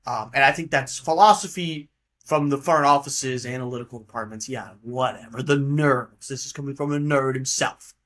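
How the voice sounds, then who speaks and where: A man's voice: mid-range voice, normal speed, a bit bright. A man hosting a casual solo podcast monologue, rambling and offhand and swearing casually. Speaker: podcast host.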